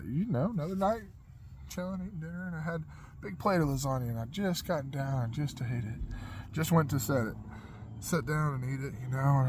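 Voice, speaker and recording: A man's voice: mid-range voice, slight background noise. A man in his forties, a podcast host, telling a personal story in casual, rambling speech with fillers, restarts and frequent laughter.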